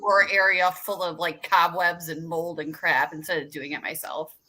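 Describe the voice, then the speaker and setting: A woman's voice: fairly low pitch, flat delivery, moderate pace, sharp tone. A woman guest on a casual show, talking upbeat about her ghost-hunting team. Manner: upbeat and laughing easily. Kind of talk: casual chat.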